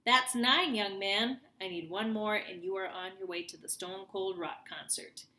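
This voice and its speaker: A woman voicing a boisterous adult male radio DJ with loud, hyped announcer patter. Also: medium pitch, a little slow. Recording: roomy echo.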